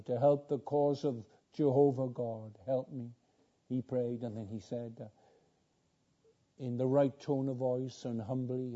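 Dark-toned, slow-speaking man preaching a sermon. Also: mid-range voice. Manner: earnest, repeats words, rises to fervent climaxes. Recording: dull lo-fi sound.

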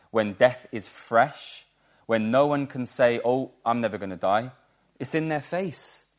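A man preaching a sermon in a church, earnest and emphatic, repeating key words for stress. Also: medium pitch.

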